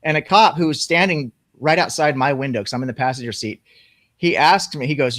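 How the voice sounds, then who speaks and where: A man telling a personal story in casual, profane conversation, animated as he goes. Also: medium pitch, brisk, no echo.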